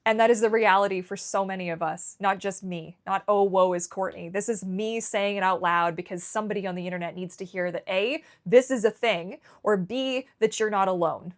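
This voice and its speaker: A woman's voice: medium pitch, brisk, few pauses. A Canadian woman vlogging candidly, emotional and rambling, often restarting her sentences. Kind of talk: candid personal vlog.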